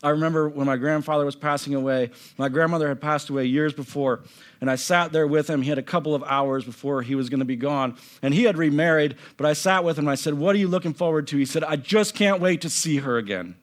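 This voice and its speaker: Impassioned male pastor, loud to hushed. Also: fairly high pitch, fast talker. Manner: impassioned, swings from loud emphasis to hushed near-whisper. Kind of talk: sermon. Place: church stage.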